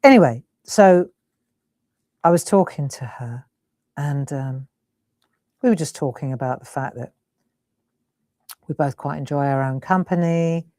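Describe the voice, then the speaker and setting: Crafting host: middle-aged woman, unhurried, giggly, close and dry sound. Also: deep voice, lively intonation, dark tone, no room sound. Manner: chatty, giggly storyteller. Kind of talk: chatty live crafting stream.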